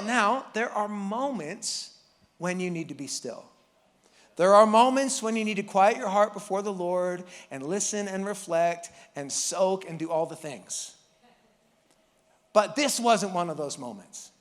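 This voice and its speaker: A man's voice: extremely high pitch, lively intonation, measured pace, fairly bright tone, big-room sound. A man preaching a casual, joking sermon as pastor, acting out Bible characters with the congregation. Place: church hall.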